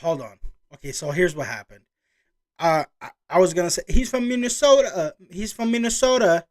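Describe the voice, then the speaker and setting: A man with a notably high voice talks casually to his viewers. He rambles, restarts and exclaims as he reacts to what he's watching. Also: sing-song, fairly quick. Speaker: reaction video host.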